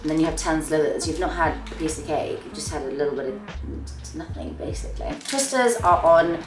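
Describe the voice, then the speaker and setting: A woman's voice: low-pitched, brisk, distant mic. A young woman chatting to camera about her monthly favourites, gushing and trailing off at the ends of phrases. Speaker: beauty vlogger. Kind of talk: casual chat to camera. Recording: roomy sound, slightly off mic, faint music.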